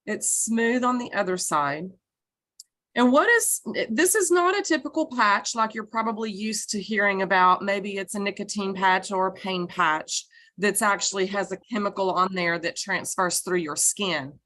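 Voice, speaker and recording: Woman, video call presenter; clear, step-by-step explainer showing an item. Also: mid-range voice, animated, moderate pace, a bit bright. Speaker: product presenter. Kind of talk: casual product explanation.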